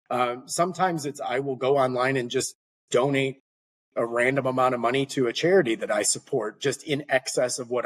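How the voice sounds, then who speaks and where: A man guesting on a podcast, telling an anecdote in a casual, animated way and acting out the lines of the people in it. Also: mid-range voice, husky. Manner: animated, acts out dialogue in anecdotes. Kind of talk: conversational storytelling.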